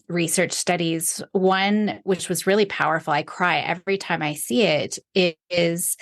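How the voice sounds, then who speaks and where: A woman hosts a podcast with a low-pitched voice and tells a story earnestly. She sounds close to tears as she talks. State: tearful, emotional. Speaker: podcast host. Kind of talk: casual conversation.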